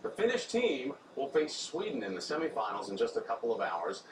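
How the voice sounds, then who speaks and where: A man's voice: medium pitch, sing-song. Man reading morning news briefs. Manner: brisk, conversational news delivery. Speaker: news anchor. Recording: roomy studio, distant mic, faint noise.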